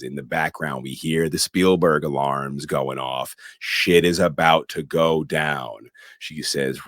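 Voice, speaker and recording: Very deep-voiced man recapping a film. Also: unhurried, few pauses, no room sound, studio quality. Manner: animated storytelling with sound words. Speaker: podcast co-host. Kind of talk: casual movie recap.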